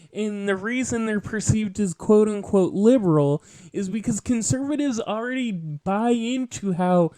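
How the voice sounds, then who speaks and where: A man's voice: high-pitched, mellow, no echo. A man hosting a show, giving an earnest political commentary monologue, lecturing with asides and self-corrections. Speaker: podcast host.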